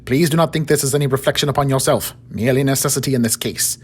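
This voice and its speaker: Storybook: male reader as calm Victorian detective, cordial, husky. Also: mid-range voice, lightly acted. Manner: cordial and measured. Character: clever Victorian detective, calm, mischievous man.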